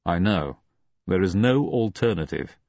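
Man doing firm no-nonsense ship captain, short sentences, husky, dry dull sound. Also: low-pitched, animated, unhurried, darkish tone, no echo, full character voice. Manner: terse and firm.

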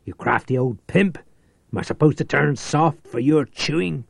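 A man voicing a desperate, violent man on the edge who shouts frantically. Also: on the high side, measured pace, vocal fry, no echo, clean studio sound, pitched above the performer's own voice. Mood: raging.

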